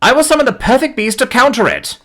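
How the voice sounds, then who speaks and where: A man's voice: very high voice, sing-song, slow pace, pushed and bright, voice pushed up, exaggerated voice. A man voicing a broad-shouldered, confident female summoner. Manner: confident, promising.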